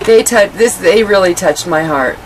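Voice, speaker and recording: Low-voiced woman telling her story. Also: normal speed, a little hiss or hum, rough recording. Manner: animated, many "you know" fillers. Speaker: interview guest telling her life story. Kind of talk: candid personal storytelling.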